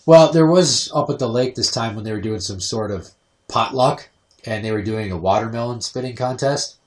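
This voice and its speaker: Profane, sarcastic young man telling stories. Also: normal speed. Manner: profane, sarcastic, mimics his mother in a shrill voice. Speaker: podcast host. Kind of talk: crude comedic storytelling.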